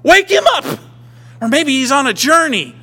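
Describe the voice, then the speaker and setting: A man voicing a male prophet who loudly taunts rival priests, laughing and shouting. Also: extremely high pitch, very animated, normal speed, voice pushed up, heavily acted. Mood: jeering.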